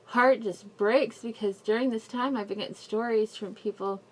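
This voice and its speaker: A woman's voice: fairly high pitch, steady tone, moderate pace. A woman vlogging a personal update, rambling and apologetic, in pain and near tears. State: in mouth pain, crying at times. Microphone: camera mic, wearing a face mask.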